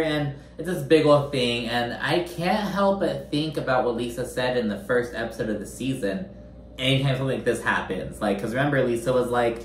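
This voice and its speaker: A man's voice: mid-range voice, animated, brisk, roomy sound, a little hiss or hum. A man giving a casual, gossipy recap of a reality show, swearing freely and using lots of fillers. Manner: chatty, profane, gossipy with frequent fillers.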